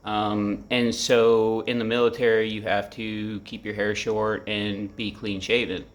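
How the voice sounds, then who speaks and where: A man's voice: lowish voice, flat delivery, a little slow. A man in his forties rambling candidly about his feelings in a vlog, swearing freely and leaning on lots of fillers, recorded in his apartment. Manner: rambling, profane, heavy with fillers. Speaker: vlogger. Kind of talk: candid personal reflection to camera.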